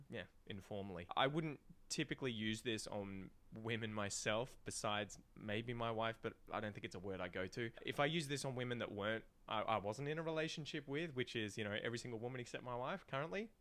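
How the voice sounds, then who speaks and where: A man's voice: on the low side, fairly bright tone. An Australian man hosting a casual chat, explaining slang in a loose, sweary, talkative way.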